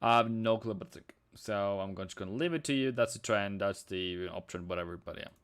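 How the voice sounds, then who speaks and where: A man's voice: on the low side, brisk, a bit bright, smooth. Male streamer, non-native English with Norwegian roots, easygoing live-chat delivery, clean resonant voice. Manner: chatty, reads chat aloud, sings snatches. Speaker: forex trading streamer. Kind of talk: casual live-stream commentary.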